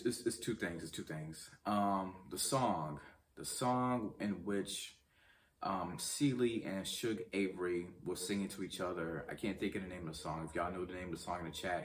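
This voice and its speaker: A man's voice: sits low, fairly bright tone, far from the mic, slight background noise. A man hosting his own movie review channel, chatting casually to viewers with lots of ums and restarts. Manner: chatty, talks straight to viewers; rambling, many ums and restarts. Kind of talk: casual film review vlog.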